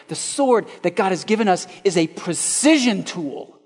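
A male pastor preaching a sermon, asking rhetorical questions and swinging between loud and hushed. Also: high voice, lively intonation, normal speed, big-room sound.

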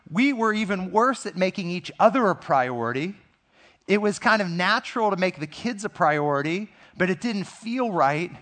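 A man's voice: high voice, fairly bright tone. A middle-aged man, a pastor, preaching a sermon in a conversational, earnest way and telling personal stories to his congregation.

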